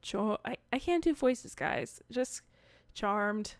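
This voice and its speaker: A woman's voice: on the high side, lively intonation, slow pace, no echo, studio quality. A woman playing a video game on her channel, reading its text aloud with wry, muttered asides and casual swearing.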